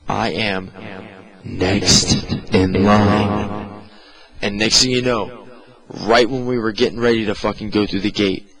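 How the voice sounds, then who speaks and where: Profane, animated man telling a story. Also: on the low side, rough recording. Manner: profane, animated, exaggerated retelling. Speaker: podcast co-host. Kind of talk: casual storytelling.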